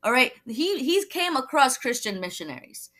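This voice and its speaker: A young woman tells her personal testimony as a guest. She sounds bright and a little high, acts out quoted dialogue and laughs easily. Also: big pitch swings, moderate pace. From Brooklyn, New York. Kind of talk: personal testimony in a talk show.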